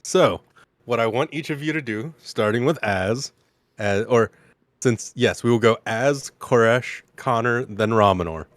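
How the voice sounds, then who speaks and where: A man's voice: medium pitch, a little slow, no room sound. A man acting as game master, hosting a live Q&A in a playfully formal manner. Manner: playfully formal, laughs often.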